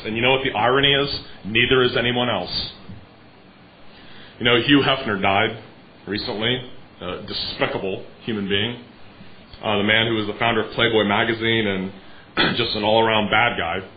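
Male preacher, mid-pitched, earnest and emphatic sermon delivery, throat clearing, slightly dull recording. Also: a little hiss or hum.

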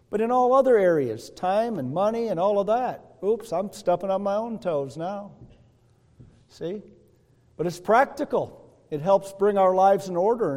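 A male pastor's high voice carries a dark tone as he preaches in a folksy manner. He often calls out "Hello?" to the congregation, his words echoing with long reverb in the church sanctuary.

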